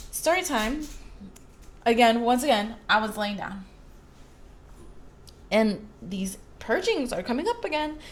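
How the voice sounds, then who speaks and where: Emotional, confiding woman tarot reader. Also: a little high. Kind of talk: casual tarot reading monologue.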